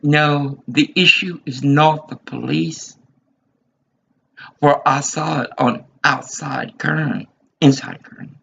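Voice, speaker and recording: A man's voice: a little high, fairly even intonation, takes it slowly, vocal fry, fairly bright tone, husky. A man in his fifties giving an agitated, rambling monologue, repeating himself as he vents. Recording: dull lo-fi recording.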